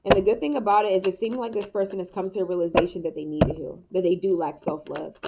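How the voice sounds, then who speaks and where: A woman's voice: fairly low pitch, fairly even intonation, quick pace, gravelly. A young adult woman giving a casual spiritual tarot reading, candid and laughing often, with occasional swearing. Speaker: tarot reader. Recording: muffled mic with noticeable hiss.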